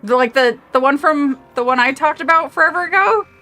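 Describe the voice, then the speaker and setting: A woman with a bright, crisp-edged voice pitched a little high reads a horror novel aloud on a stream. She keeps stopping to chat, ramble and laugh before getting back to the page. A movie plays faintly in the background. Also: brisk, soft background music. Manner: rambling, with frequent tangents and laughs. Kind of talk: casual chat mixed with reading aloud. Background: faint movie audio.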